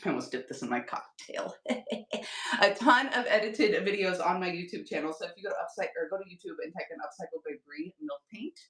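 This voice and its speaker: A woman hosts a live craft-selling stream from home, chatting upbeat with her viewers while she works. Her voice sits a bit low and carries a tired edge. She stands back from the mic in an echoey room. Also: a bit bright, recorded from a distance. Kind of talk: casual livestream chat while painting.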